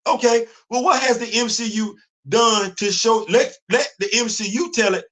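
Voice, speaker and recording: Animated high-voiced male stream host. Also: normal speed. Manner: animated, rhetorical questioning, repeats himself. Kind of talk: live stream commentary.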